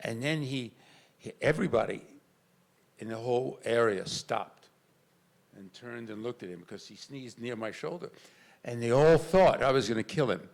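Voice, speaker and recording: An older actor with a medium-pitched voice tells animated stories on stage at a convention panel. Every so often he shouts out lines he remembers.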